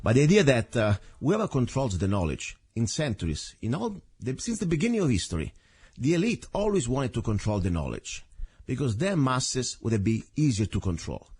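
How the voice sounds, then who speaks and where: A man's voice: mid-range voice, big pitch swings, normal speed, darkish tone, slightly rough. A man from Italy with an Italian accent, hosting a talk radio show in an earnest, rambling way with frequent self-corrections. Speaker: radio host.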